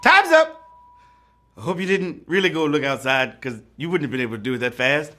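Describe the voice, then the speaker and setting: A man's voice: medium pitch, fast talker, sharp tone, faint music behind. A man hosting a live trivia game show, joking playfully and breaking into whoops and sung bits.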